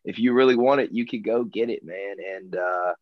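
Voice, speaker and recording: A man's voice: fairly low pitch, moderate pace, no echo, muffled recording. A man talking in a laid-back way, who keeps saying "man" and "bro" and repeats himself. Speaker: guest. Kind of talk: casual conversation.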